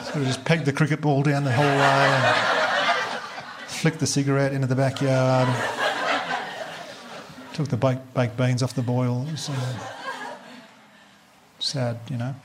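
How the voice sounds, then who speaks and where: An Australian man performing a stand-up comedy routine on stage, telling a story in a rapid, animated way with swearing. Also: medium pitch, very noisy. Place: live venue with audience. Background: audience laughter.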